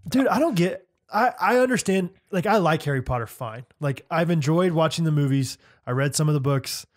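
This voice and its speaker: A man's voice: on the high side, lively intonation, brisk. A young man co-hosting a podcast in casual chat, teasing and acting out mock voices. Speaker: podcast co-host.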